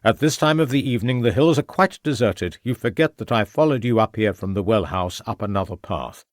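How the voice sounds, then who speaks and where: A man's voice: lowish voice, brisk, dry recording, clean studio sound, natural voice. A man playing a sneering, gloating villain. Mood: menacing. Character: scheming, sneering murderous male villain.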